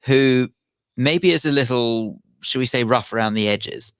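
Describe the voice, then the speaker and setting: A man, co-hosting a radio show in a polite, measured, well-spoken way. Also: mid-range voice, clean tone, dry recording. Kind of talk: casual studio banter. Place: radio studio. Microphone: studio microphone.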